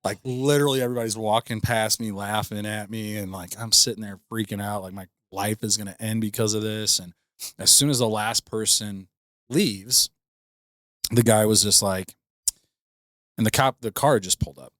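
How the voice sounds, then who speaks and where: A man's voice: on the low side, fairly even intonation, normal speed, a bit bright, dry recording, clean studio sound. A young man co-hosting a podcast, telling a profane, rambling story full of fillers into a podcast mic. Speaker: podcast co-host. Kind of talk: casual storytelling.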